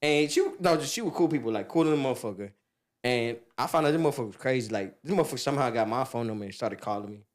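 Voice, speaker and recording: A man telling a story on a podcast in casual chat, laughing and loudly acting out what people said. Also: mid-range voice, rapid-fire. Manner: animated, laughing, acts out quotes loudly. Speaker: podcast guest.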